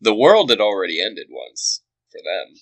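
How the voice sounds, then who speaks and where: Man, podcast co-host, joking banter, low-pitched, bright tense tone, lively pitch. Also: low-quality recording. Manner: joking, quick interjections. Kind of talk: casual banter.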